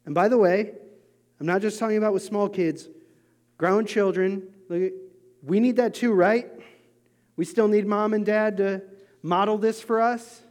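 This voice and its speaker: A man in his thirties preaching a sermon in an earnest, confessional way, moving between quiet asides and emphatic urging. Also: high-pitched, steady tone, measured pace, long pauses, big-room sound. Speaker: pastor.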